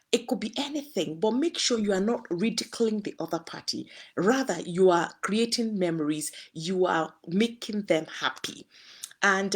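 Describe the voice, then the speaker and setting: A woman from Nigeria speaks straight to her listeners about friendship in marriage. Her voice sits at a middle pitch and has a husky, breathy edge. She advises in an earnest way, reaching for everyday examples. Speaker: host. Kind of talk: relationship talk to listeners.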